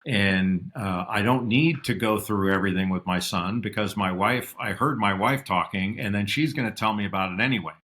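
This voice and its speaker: A middle-aged man telling stories as a podcast guest, reflective, and lively when he quotes his father. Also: lowish voice, normal speed, hardly any pauses, husky. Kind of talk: casual interview storytelling.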